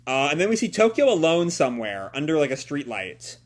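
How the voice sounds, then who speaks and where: A man hosts a casual live reaction to a comic, thinking aloud as he goes. He often rephrases and doubles back mid-sentence, in a fairly high voice with a lively, swinging pitch. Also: brisk. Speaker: host.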